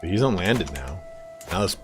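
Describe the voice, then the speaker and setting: A deep-voiced man talking through a strategy game on a stream. He is relaxed and chatty, says "dude" often, and soft music runs quietly underneath. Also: a little slow. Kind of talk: casual gaming commentary.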